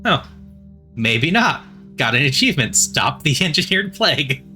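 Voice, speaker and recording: Bright-voiced man narrating a game. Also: on the high side, big pitch swings, faint music behind. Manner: reads quickly with stumbles and laughing asides.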